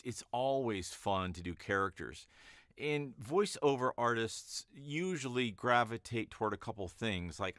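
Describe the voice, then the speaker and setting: Chatty low-voiced man in a dry studio. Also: fairly bright tone, no room sound. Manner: chatty and rambling, with upbeat lifts on greetings. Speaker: voice-over artist. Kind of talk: casual vlog chat. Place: home broadcast studio.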